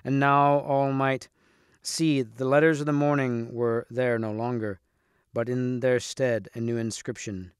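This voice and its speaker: Man reading a storybook, smooth. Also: mid-range voice, fairly even intonation, unhurried, dry recording, clean studio sound. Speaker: reader. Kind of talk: storybook read-aloud.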